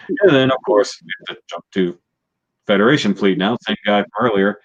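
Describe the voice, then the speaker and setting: A man's voice: on the low side, animated, fairly quick. A man hosting a casual review chat, retelling scenes with mocking character voices. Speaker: show host. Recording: dull lo-fi sound.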